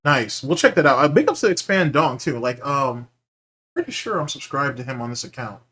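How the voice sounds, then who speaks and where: A male podcast host talking in loose, casual chat, swearing freely as he reacts to viewer comments. His voice sits at an ordinary middle pitch. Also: animated, brisk, bright, forceful tone. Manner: profane, loose and chatty, bursts into laughter.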